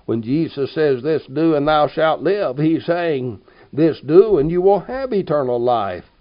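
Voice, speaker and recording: A man delivers a sermon at a slow, deliberate pace. He reads scripture and a commentary aloud, then breaks into lively asides of his own. The recording is dull and lo-fi. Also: medium pitch. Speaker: preacher.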